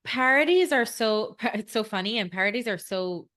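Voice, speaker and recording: A woman's voice: a little high, animated, normal speed, a bit bright. A woman co-hosting a podcast, talking in an earnest, reflective way and explaining ideas at length. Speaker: podcast co-host.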